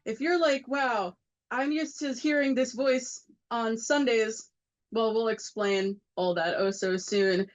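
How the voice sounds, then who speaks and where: A woman's voice: fairly high pitch, steady tone, slow pace, lo-fi sound. A young woman co-hosting a college radio show, chatting in an upbeat, playful way from the studio. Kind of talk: casual radio chat.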